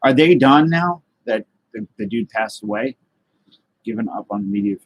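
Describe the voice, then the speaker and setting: A man's voice: mid-range voice, expressive, normal speed, a little hiss or hum, poor audio. A man hosting a casual live stream, rambling loosely and greeting viewers by name as he reads their comments. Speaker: livestream host.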